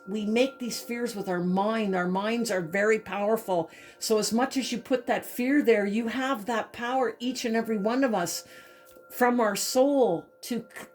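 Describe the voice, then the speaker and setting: A woman's voice: a little high, a little mellow. A woman doing a spiritual tarot reading, emotional and repeating herself, often saying "okay". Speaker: tarot reader.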